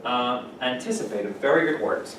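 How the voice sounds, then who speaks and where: A male English teacher takes his class through vocabulary, giving example sentences and asking the students questions. He is picked up from across an echoey classroom, with a soft hum of room noise behind him. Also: mid-range voice, lively intonation, fairly quick. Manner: explains words with examples, asks students questions. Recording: echoey classroom mic from a distance.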